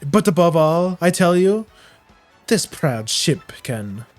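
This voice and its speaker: A grandiose, vain merchant adventurer with a put-on Spanish accent, voiced by a man. He swoops up and down in a fairly high, lively voice, boasting dramatically. Faint music plays behind. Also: takes it slowly. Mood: boastful. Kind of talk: reading a game's dialogue aloud in character.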